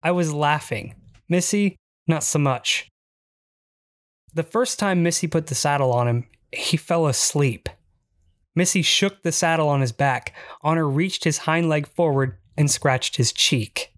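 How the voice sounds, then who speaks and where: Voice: mid-range voice, unhurried, no room sound. A narrator reading a first-person memoir in a dry, wry storytelling manner.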